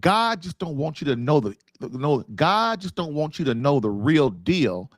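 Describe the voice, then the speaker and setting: A man's voice: fairly high pitch, very animated, moderate pace, dry recording, studio quality, pitched below the performer's own voice. A man voicing a sly male serpent devil who coaxes and wheedles. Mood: coaxing. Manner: coaxing, wheedling.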